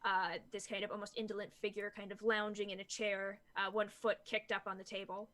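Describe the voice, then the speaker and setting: A woman's voice: mid-range voice, little pitch movement, a bit bright. Woman game master describing a scene. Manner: halting, many fillers while describing scenes. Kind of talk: narrating a tabletop game.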